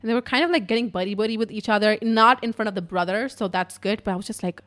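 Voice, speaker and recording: A young woman telling a story in a casual, profane, animated way at home in her apartment. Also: medium pitch, quick pace.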